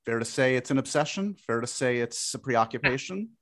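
A man hosting his podcast in casual chat, animated and self-deprecating with quick asides. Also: mid-range voice. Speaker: podcast host.

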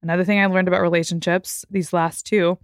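Thirty-year-old woman podcaster, candid chatty delivery, lower voice, dead-dry booth. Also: little pitch movement, fast talker, no echo. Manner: reflective, candid, frequent "like" fillers. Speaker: podcast host. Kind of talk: casual solo podcast talk.

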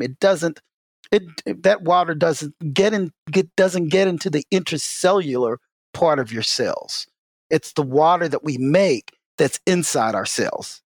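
A man speaking as an expert guest in a casual interview, telling stories in an animated way with many "you know" fillers. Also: no echo, studio quality. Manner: lively, swings in pitch. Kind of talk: casual explanatory interview talk.

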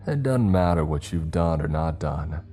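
A man doing a cruel Australian captor who holds a blade to a throat, menacing and forceful. The voice is very deep and dark, pushed louder than the narration around it, over faint music. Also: expressive, normal speed.

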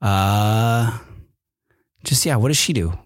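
On a microphone with camera, a man with a fairly low voice speaks at a slow pace. As a podcast host, he wanders casually through a personal story, full of fillers and restarts, in clean studio sound without room noise.

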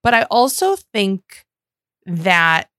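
Bright-voiced joking woman. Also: medium pitch, very slow, smooth, no room sound, studio quality. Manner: animated, joking, profane. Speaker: podcast co-host. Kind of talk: casual reality-TV recap chat.

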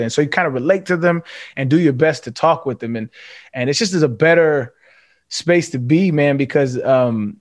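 A man's voice: medium pitch, fairly quick, no room sound, clean studio sound. A man speaking as a podcast guest, earnest and reflective, often restarting his sentences in candid casual conversation. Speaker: podcast guest, former pro football player.

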